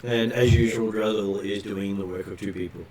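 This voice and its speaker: A man narrating a tabletop game as game master, pausing often on fillers as he describes scenes. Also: fairly low pitch, fairly even intonation, a little mellow, a little hiss or hum. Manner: hesitant, filler-heavy narration.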